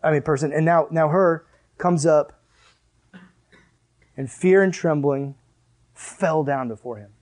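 A man preaching a sermon in a casual, animated way, full of "like" and asides. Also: fairly high pitch, a little slow, pauses often. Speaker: pastor.

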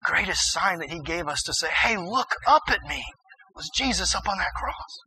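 A man preaching a sermon in an animated way, acting out the characters in the story and building up to shouts. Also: high voice, slight background noise, poor audio.

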